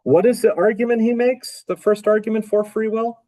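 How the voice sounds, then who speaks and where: In a laid-back lecture, a male philosophy professor asks his students rhetorical questions and keeps repeating his key phrases. He speaks in a high, mellow voice with a steady tone at normal speed, and the recording is low quality.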